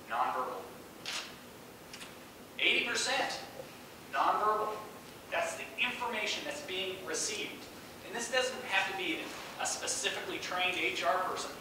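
A middle-aged man giving a lively storytelling talk as a guest speaker, acting out the voices of people he quotes. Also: high voice. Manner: animated, acts out quoted voices. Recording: echoey hall, distant mic, noisy.

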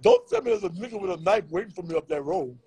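A man's voice: high-pitched, huge pitch swings, fast talker, creaky, warm tone, slightly rough, low-quality recording. A man chatting casually with viewers on a live stream, slangy and laughing often. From Louisiana.

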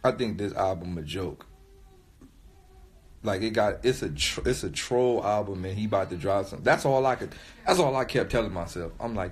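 A man's voice: sits low, normal speed, slight background noise. A man who raps, talking into his phone on a livestream in a rambling, profane rant that repeats itself for emphasis. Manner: repetitive, emphatic, swears often. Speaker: rapper livestreaming to followers. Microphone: phone mic on a live stream.

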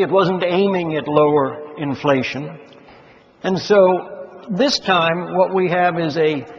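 An older man delivers a measured lecture, leaning hard on the words he wants remembered. His voice sits a little high for a man. It reaches the mic muffled and dull, with a long reverb trailing through a large hall. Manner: measured, emphatic, stresses key words. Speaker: economist giving a talk. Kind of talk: lecture to an audience of investors.

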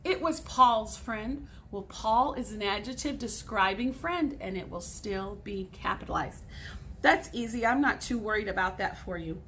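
A woman's voice: medium pitch, normal speed, fairly bright tone, a little hiss or hum. A woman in her forties, a sixth grade teacher, patiently explaining grammar step by step in a recorded lesson for students at home.

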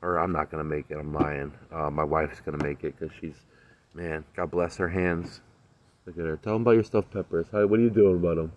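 A relaxed man chatting to his viewers from his backyard garden, his voice sitting very low. He talks in an easygoing, slangy way, full of ums and uhs, as if filming on a phone outdoors. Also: brisk, slight background noise. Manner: laid-back, slangy, lots of fillers. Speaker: vlogger. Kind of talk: casual chat.

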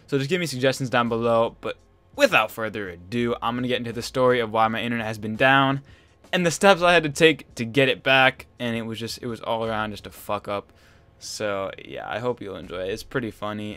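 A young gaming channel host rants through a casual storytime over gameplay in a medium-pitched, slightly bright voice. He rambles, swears a lot, and tells the story with exasperation.

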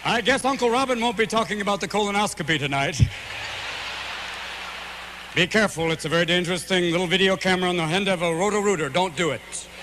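A man in his forties does live stand-up in a large venue, manic and rapid-fire, jumping between voices. His voice sits high, and the background is noisy.

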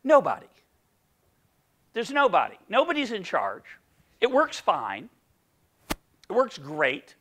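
A man's voice: high-pitched, wildly swooping pitch, takes it slowly, long pauses, fairly bright tone, a little hiss or hum. A middle-aged man giving an economics seminar lecture, playful and full of questions for the audience. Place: lecture room.

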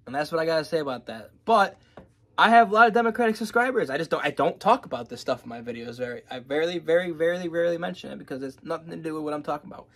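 A young man talks loosely and excitedly, his voice pitched a bit high for a man. He swears constantly and rambles in casual reaction commentary. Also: very fast. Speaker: music reaction YouTuber.

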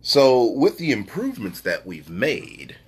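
A man hosting a live stream, ranting brashly and profanely in casual trash talk, with his voice often jumping high when he gets worked up. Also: wildly swooping pitch, a little slow, slightly rough. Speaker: live-stream sports show host. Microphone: phone.

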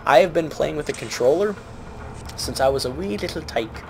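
A man's voice: on the high side, lively intonation, moderate pace, vocal fry, noisy background. A young man giving a rambling, joking let's play commentary from home at night. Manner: rambling, joking, self-mocking. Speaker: gamer. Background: game music.

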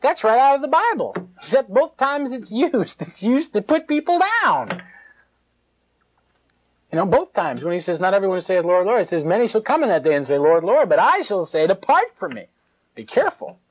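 A man giving a live sermon in a conversational, animated way, with mocking asides and chuckles. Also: sits high, normal speed. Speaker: preacher. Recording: dull lo-fi live tape.

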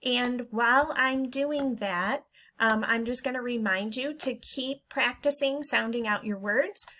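A woman leads a phonics lesson for young children, sounding out each letter slowly and warmly cheering them on. Her voice is bright and fairly high. She leaves room after each sound for the children to repeat it. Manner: slow, encouraging, drawn-out sounds. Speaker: teacher.

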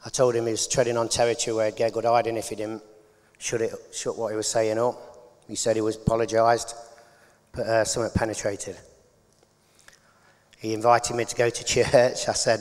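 A man's voice: lowish voice, level tone, a little fast, pauses often, a little mellow. A man, giving a blunt, earnest personal testimony in an interview. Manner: blunt working-class storytelling, plain and earnest. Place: large church hall. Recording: long hall reverb.

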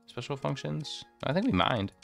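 A young man with a bright, lively voice chats his way through a video game stream, thinking aloud and stumbling over words with self-deprecating asides. He talks into a desk microphone, and quiet game music runs underneath. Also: medium pitch, normal speed, gravelly. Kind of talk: casual gameplay commentary.

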